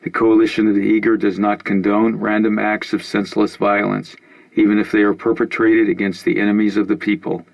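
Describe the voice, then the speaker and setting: A man reading out a female news anchor's broadcast of a militant group's statement, in a loud, formal, declaiming manner. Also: lowish voice, level tone, fairly quick, gravelly, poor audio. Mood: stern, formal.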